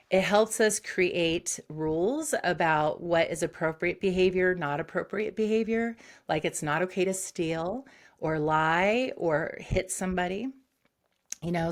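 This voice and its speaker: A woman psychologist, a guest on an interview show, who explains concepts briskly and acts out short examples. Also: fairly low pitch. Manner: explains quickly with acted-out examples.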